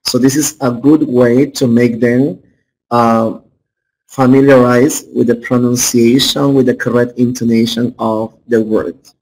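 A man's voice: mid-range voice, a little mellow, rough recording. A man teaching an English class as a lecture in a classroom. He keeps checking understanding with "right?" and "okay?" and calls on students by name.

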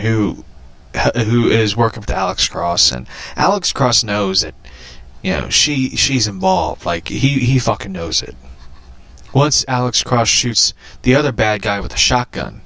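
With a medium-pitched voice, some vocal fry, and no room sound, a man vlogs in a rambling way about a movie he watched. He swears constantly, stays animated, and keeps laughing at his own jokes.

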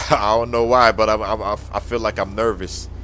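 A man playing a nervous dad in a game role-play skit who stammers and yells in panic. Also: on the low side, little pitch movement, normal speed, a little hiss or hum.

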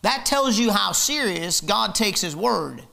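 A man's voice: sits high, lively intonation, unhurried, gravelly, sharp tone. A man preaching a fiery, emphatic sermon in church, hammering his points with repetition. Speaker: pastor.

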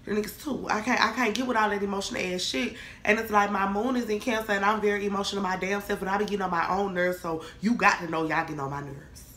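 Sassy bright-voiced young woman ranting. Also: mid-range voice, fast talker, few pauses, roomy sound, a little hiss or hum. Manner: sassy, animated, swearing freely. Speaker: vlogger. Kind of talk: casual comedic rant.

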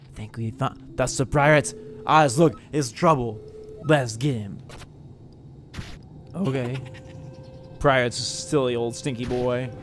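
Slow, goofy man narrating a game. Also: mid-range voice, a little hiss or hum. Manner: goofy, rambling, talks to game characters. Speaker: gamer playing through a game. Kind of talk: playful game commentary with improvised character lines.

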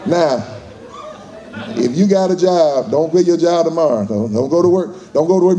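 A man's voice: a little high, animated, normal speed, crowd noise, background noise. A man giving a fired-up motivational speech to a live audience, using call-and-response and acting out voices. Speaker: motivational speaker.

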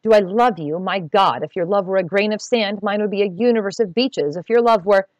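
A woman's voice: mid-range voice, fairly quick, dry recording, muffled recording, natural voice. Woman reading an earnest young farm boy.

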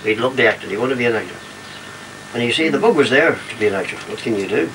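A man's voice: mid-range voice, lively intonation, racing. An older man, a retired variety singer, rambling through memories and jokes and acting out the voices. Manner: rambling storyteller who acts out voices in jokes. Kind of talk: casual reminiscing and joke telling. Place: home trailer. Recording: distant home recording with light noise.

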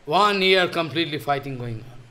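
A native Bengali speaker and religious teacher, this man relates a scripture story in a sermon, stopping, repeating phrases, and checking his listeners understand. His fairly high voice is expressive, pushed, and bright.

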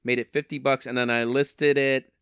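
A man's voice: mid-range voice, little pitch movement, moderate pace, fairly bright tone, smooth, dry recording, clean studio sound. A man in a casual vlog, talking through his online resale sales on a handheld microphone, rambling with wry, self-mocking asides. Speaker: eBay reseller.

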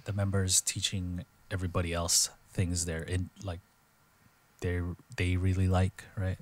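A man's voice: low voice, monotone, unhurried. A man co-hosting a casual podcast, retelling a show in a rambling way with plenty of filler words. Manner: rambling storyteller, lots of "like" and "dude". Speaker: podcast co-host.

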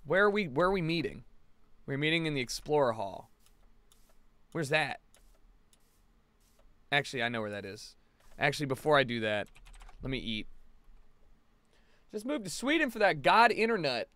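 A man's voice: a little high, animated, a little slow, pauses often, pushed and bright, no room sound. A man streaming a game live from his apartment, ranting to his chat in a rambling way and swearing freely. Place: home apartment.

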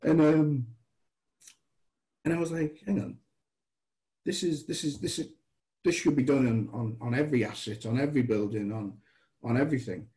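A man from England chats as a podcast guest, telling long anecdotes and putting on voices for the people in them. His voice is warm and mellow. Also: medium pitch, normal speed, pauses often, poor audio. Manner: animated storyteller, acts out dialogue. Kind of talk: anecdotal storytelling.

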